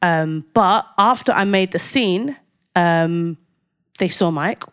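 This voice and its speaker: Animated young woman. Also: fairly low pitch, takes it slowly, clean tone. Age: young adult. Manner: animated, acts out quoted exchanges with rising intensity. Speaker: podcast co-host. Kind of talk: casual chat.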